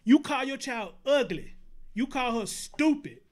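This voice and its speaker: A man's voice: extremely high pitch, lively intonation, unhurried. A man hosting an online show, reacting to a viral video with incredulous rhetorical questions. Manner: incredulous, laughing through outrage, rhetorical questions. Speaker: show host. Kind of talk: reaction commentary.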